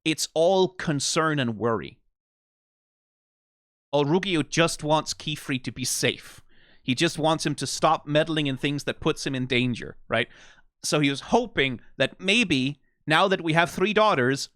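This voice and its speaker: A man hosting an anime reaction, talking in casual, animated commentary, often asking "right?" and laughing. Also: a little high, a little slow, dry recording, clean studio sound.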